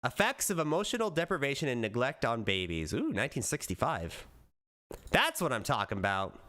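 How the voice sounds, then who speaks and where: A man streaming live, chatting casually and rambling excitably while he browses videos, laughing often. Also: mid-range voice, fairly quick.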